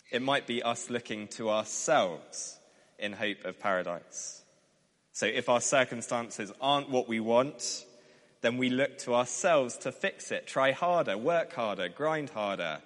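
Man preaching in a reverberant hall. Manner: emphatic, rises for scripture readings and drops low at phrase ends. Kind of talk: sermon.

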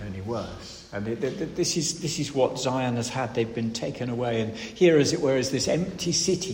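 A man's voice: mid-range voice, slight background noise. Earnest man preaching in an echoey hall. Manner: earnest, swings from emphatic to hushed. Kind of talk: expository sermon. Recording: reverberant hall, faint room ambience.

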